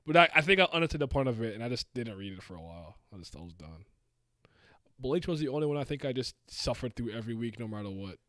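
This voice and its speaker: A man's voice: medium pitch, animated, quick pace, a bit bright, dry recording, clean studio sound. A young man hosting a casual chat, rambling with lots of restarts and fillers. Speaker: podcast host. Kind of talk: casual chat about manga.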